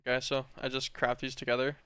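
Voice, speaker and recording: A man streaming a game, thinking aloud in relaxed, rambling commentary. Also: mid-range voice, fast talker, smooth, no room sound.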